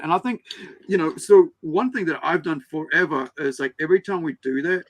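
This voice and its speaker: Gravelly, animated New man. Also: on the high side, rough recording. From New Zealand. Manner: animated storyteller, acts out quotes. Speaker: podcast co-host. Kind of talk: casual chat.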